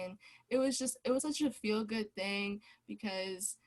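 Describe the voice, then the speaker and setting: A woman's voice: medium pitch, unhurried. Young woman, student, video call, chatty storytelling, acts out dialogue.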